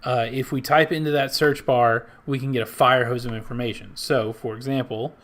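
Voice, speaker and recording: A man walking through a database in a screen-share tutorial, halting with many restarts and fillers. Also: medium pitch, steady tone, fairly bright tone. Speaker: library staff trainer.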